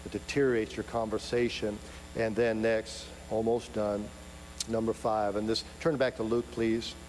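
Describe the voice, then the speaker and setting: A man preaching a sermon, swinging from loud, emphatic peaks to soft, intimate asides. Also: lowish voice, flat delivery, normal speed. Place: large church sanctuary. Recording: hall reverb, faint hum.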